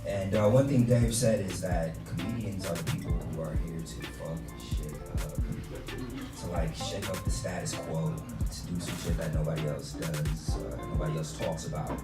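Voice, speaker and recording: A man's voice: sits low, fairly even intonation, moderate pace, over loud music. A young man doing open mic stand-up in a loose, laughing way with many fillers, recorded from far off in an echoey room. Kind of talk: casual chat and stand-up storytelling.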